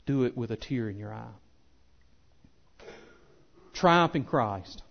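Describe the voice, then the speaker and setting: A pastor preaching a sermon with impassioned swells that drop to soft, earnest appeals. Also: male voice, medium pitch, animated, slow pace, gravelly, muffled recording. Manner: impassioned preaching, rising loud then softening.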